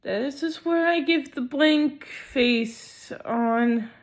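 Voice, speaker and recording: A young woman talking slowly in a casual personal vlog, hesitant with many pauses and ums, sounding sleepy and not fully awake. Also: high-pitched. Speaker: vlogger.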